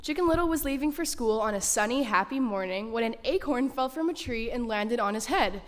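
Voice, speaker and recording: A woman reads a children's story aloud with animated, expressive delivery. Her voice sits fairly high. It carries through a large chapel with a long echo. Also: brisk. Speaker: story reader. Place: school chapel. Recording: reverberant chapel.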